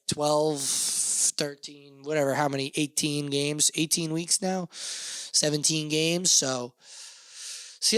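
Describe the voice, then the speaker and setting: A man's voice: fairly high pitch, fairly bright tone, no echo. A young man hosting a podcast, talking alone in a rambling, joking and profane way that often mocks himself. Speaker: podcast host. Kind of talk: casual podcast monologue.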